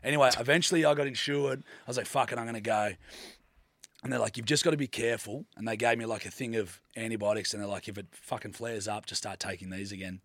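A young Australian man with a lowish voice, rattling through a story at speed. He talks in a laid-back way, swears freely and acts out what people said. The sound is close and dry. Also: steady tone, quick pace, a bit bright, no echo. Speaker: podcast guest. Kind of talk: casual chat, storytelling.

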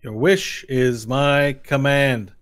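A man voicing a formal, servile male servant in a tabletop game, speaking slowly and eagerly. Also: medium pitch, steady tone, fairly bright tone, pitched above the performer's own voice. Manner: slow, drawn-out, eager to serve.

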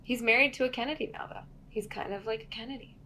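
A woman's voice: a little high, quick pace, pushed and bright. A woman guesting on a podcast, chatting casually and joking playfully. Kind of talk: casual chat.

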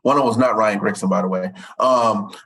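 A man in his forties, a sportswriter, telling stories in an animated way and tripping over repeated words. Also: fairly quick, breathy edge, rough recording. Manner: animated, repeats words, jumps up in pitch for quoted voices. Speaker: sportswriter guest. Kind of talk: storytelling in conversation.

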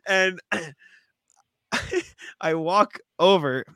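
A man co-hosting a casual sports podcast, telling animated stories with plenty of swearing and laughter. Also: high-pitched, very slow, no room sound. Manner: animated storytelling, swears freely, laughs often. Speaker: podcast co-host. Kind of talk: casual chat.

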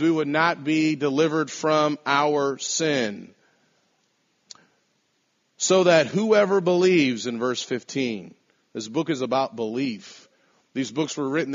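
Emphatic preacher man, dull lo-fi sound. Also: mid-range voice. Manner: measured, emphatic preaching with slowed stressed phrases. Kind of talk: sermon.

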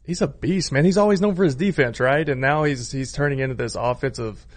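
A man's voice: medium pitch, fairly quick. A man co-hosting a casual sports chat, agreeable and laid-back. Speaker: sports talk co-host.

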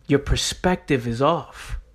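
A man of ordinary, middle pitch talks straight into the mic for his motivational podcast. He is blunt and profane, hammers his points by repeating them, and keeps checking in with the listener by asking "right?". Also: slow, a bit bright. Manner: repeats himself for emphasis. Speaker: podcast host.

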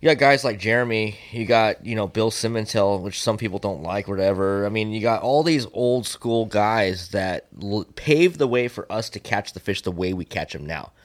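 Middle-aged guy, kinda low voice, swearing a lot, telling a fishing story on a podcast. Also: moderate pace, few pauses. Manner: profane, storytelling, animated when reenacting. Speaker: podcast guest, swimbait angler. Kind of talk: casual podcast chat.

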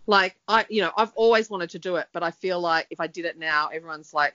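A woman's voice: fairly low pitch, fast talker, sharp tone. A middle-aged woman, co-hosting a casual chat and rambling with many fillers. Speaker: podcast co-host. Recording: dull lo-fi sound.

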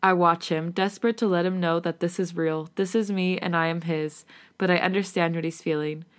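A woman podcast host reading a romantic fan fiction story aloud in a casual, animated and sometimes giggly way. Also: on the low side, fairly quick.

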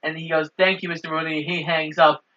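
Bright-voiced man narrating a movie plot. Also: fairly high pitch, fairly quick, muffled recording. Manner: steady plot narration with quoted lines. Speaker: podcast co-host.

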